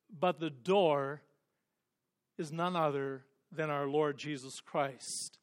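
A man preaching a sermon with passion, swinging from hushed, quiet passages up to loud, emphatic peaks. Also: on the high side, fairly even intonation, slow pace. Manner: impassioned, rising to emphatic peaks then dropping to hushed tones.

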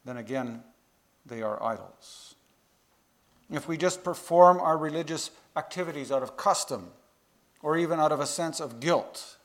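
A man preaching a sermon to a congregation, earnest, building to louder emphasis on key phrases. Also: medium pitch.

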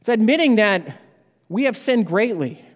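A man with a high, clear voice preaches an earnest sermon and draws out his key phrases. His words ring through the long reverb of a church sanctuary. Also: lively intonation. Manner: earnest expository preaching, slows for emphasis.

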